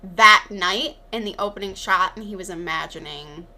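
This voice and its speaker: A woman's voice: mid-range voice, moderate pace, sharp tone. A woman co-hosting a podcast, chatting casually about a film and thinking aloud as she talks. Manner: conversational, thinks aloud with many likes. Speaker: podcast co-host.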